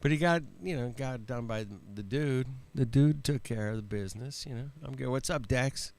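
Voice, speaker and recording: A man's voice: medium pitch, moderate pace, darkish tone. A man hosting a casual livestream chat, laid-back and laughing often, calling people man and bro and swearing freely. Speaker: livestream host.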